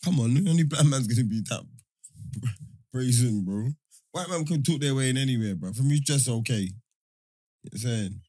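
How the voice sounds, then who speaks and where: A young man tells a story in a relaxed chat, packing his talk with slang fillers. His voice is a little husky. His pitch swings widely as he gets into it. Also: fairly quick, long pauses. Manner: animated, laughing, full of London slang fillers.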